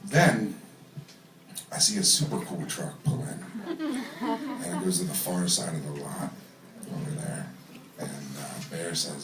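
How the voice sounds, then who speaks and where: A man's voice: on the high side, very animated, normal speed, crowd noise. A man from New telling a true story in front of a live audience, casual and profane, laughing as he talks. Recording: roomy venue mic from a distance.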